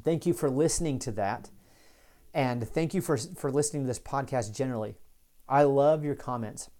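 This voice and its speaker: A man hosts a laid-back solo history podcast, his voice mellow and warm. He tells old stories casually, drifting into asides and stopping mid-sentence to correct himself. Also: mid-range voice, normal speed. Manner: chatty, digressive, restarts and corrects himself. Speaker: podcast host.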